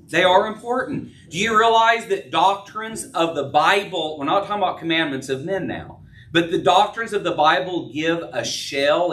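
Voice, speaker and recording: A middle-aged man preaching a sermon as pastor, earnest, rising and dropping in pitch and loudness. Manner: earnest preaching, rises and drops in pitch and volume. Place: church sanctuary. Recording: echoey room, voice from a distance.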